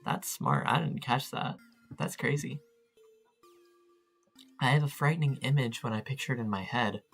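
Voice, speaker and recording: A man's voice: medium pitch, moderate pace, gravelly, fairly bright tone, husky, soft background music. A man chatting casually while playing a text adventure, reading its lines aloud and joking about them in a self-mocking way. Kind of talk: casual let's-play commentary.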